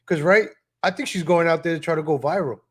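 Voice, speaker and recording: High-voiced man hosting a live stream. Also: fast talker, a bit bright. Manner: talks straight to viewers, scolding and chuckling; repeats himself with tag questions. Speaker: live-stream commentary host. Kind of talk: casual live-stream commentary.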